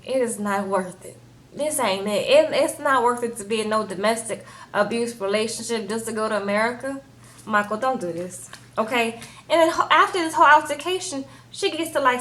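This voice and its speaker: A woman with a fairly high voice chats about a reality show, loose and animated. She keeps tagging her points with "okay?" and "baby", close to the mic. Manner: animated, chatty, says "okay?" and "baby" often. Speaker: TV show reviewer. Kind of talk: casual chat.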